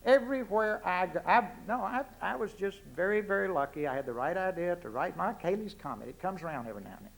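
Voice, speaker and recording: This is a man in his sixties with a strong Texan accent and a notably high voice. He delivers a public address in a folksy, punchy way. He leans on plain, blunt rhetorical questions throughout. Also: expressive, fast, gravelly, few pauses, slight background noise. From Texas. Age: 60s. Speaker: public speaker. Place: university lecture hall.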